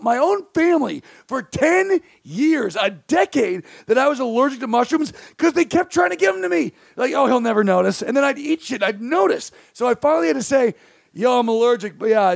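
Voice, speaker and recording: A man in his thirties tells comedic stories at a high pitch, with a gravelly edge. He acts out quotes loudly and animatedly. The sound is dry and close. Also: animated, normal speed, no room sound. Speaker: podcast co-host. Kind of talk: casual comedic storytelling.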